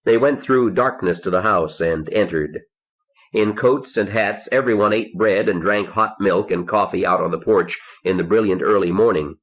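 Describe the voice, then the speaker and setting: Deep-voiced man narrating an audiobook. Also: moderate pace. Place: recording studio. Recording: dull lo-fi 1970s cassette recording.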